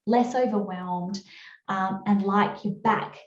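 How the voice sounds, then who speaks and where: A woman's voice: fairly even intonation, slow, highs cut off. Upbeat Australian woman, roomy video call. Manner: chatty, upbeat sales pitch with fillers. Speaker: webinar presenter. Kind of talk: webinar presentation.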